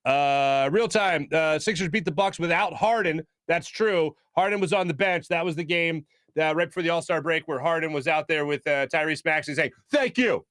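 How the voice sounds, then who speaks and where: Fairly high-pitched and talking at a normal speed with hardly any pauses, this man hosts a relaxed live sports talk stream. He's chatty and jokey, hums filler tunes, attempts celebrity impressions and reads viewer comments, his fairly bright tone captured dry and clean in a studio.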